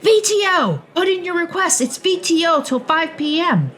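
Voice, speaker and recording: A woman voicing a sassy, loud female coworker who shouts across a call center. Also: very high-pitched, very animated, normal speed, voice pushed up, exaggerated voice. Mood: brassy. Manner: brassy, shouting.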